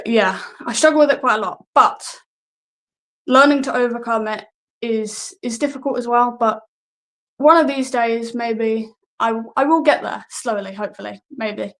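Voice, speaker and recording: A wrestler, talking in a casual, hesitant way and often laughing at herself. Her voice sits a little high for a woman. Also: fairly even intonation, moderate pace, fairly bright tone, rough recording. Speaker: guest wrestler. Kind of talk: casual interview answers.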